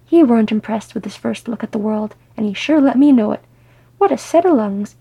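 A boisterous, tipsy old dwarf man who roars and gushes with fondness, as a woman reader puts him on. The voice is gravelly and husky, dark in tone. It suits a storybook read aloud. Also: on the high side, animated, brisk, dry recording, exaggerated voice. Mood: fond.

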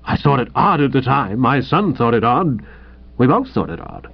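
A man's voice: mid-range voice, very animated, moderate pace, full character voice. A man doing a bellowing fat old producer. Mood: blustering. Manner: bellowing and gruff, then deflated. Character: huge, blustering older male theatre producer. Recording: dull lo-fi audio.

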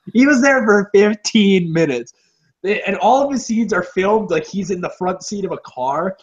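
A man's voice: high-pitched, moderate pace. Sarcastic man riffing on a bad movie. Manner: sarcastic, swears freely, animated. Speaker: podcast co-host. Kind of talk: casual movie review chat. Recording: dull lo-fi audio.

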